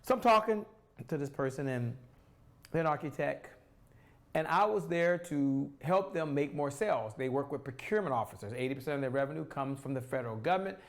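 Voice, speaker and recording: A man coaching on sales in a live stream, energetic, asking and answering his own questions and repeating phrases for emphasis. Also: on the high side. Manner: pauses to sip water.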